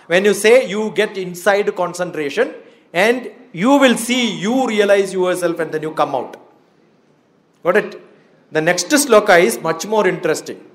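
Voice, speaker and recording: A man's voice: high-pitched, moderate pace. An older man with an Indian English accent, lecturing students at an orientation, quizzing them and chanting Sanskrit verses with a laugh. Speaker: guest speaker at a student orientation. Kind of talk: lively motivational lecture to students.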